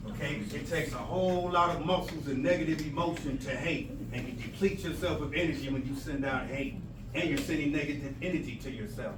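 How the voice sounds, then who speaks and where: A language arts teacher gives a motivational talk to students in a school presentation room. He is emphatic, acting out quoted exchanges and playing with rhymes, his fairly high voice moving briskly. The recording is noisy and comes from far off in an echoey room.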